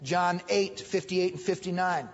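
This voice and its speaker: A man's voice: sits high, measured pace. A man pastor teaching Sunday school in an emphatic preaching style, repeating phrases and raising his voice to stress points. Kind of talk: sermon. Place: church hall. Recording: dull recording with long hall reverb.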